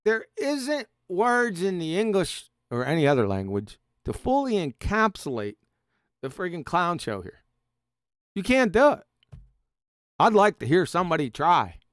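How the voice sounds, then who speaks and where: A man's voice: sits high, sing-song, measured pace, no room sound, clean studio sound. A man hosting a live stream, mocking and sarcastic, reading quotes and laughing often. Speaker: host.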